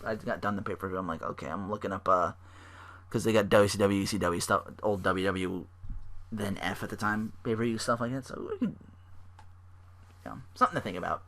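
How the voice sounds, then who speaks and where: A man's voice: lowish voice, fairly quick, a bit bright. A man hosting a solo podcast, rambling with lots of "like" fillers and restarts. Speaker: podcast host.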